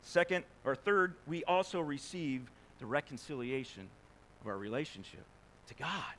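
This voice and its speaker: A man's voice: on the high side, moderate pace, fairly bright tone, slight background noise. A man preaching a sermon in a conversational way, asking rhetorical questions and acting out quotes. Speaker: pastor.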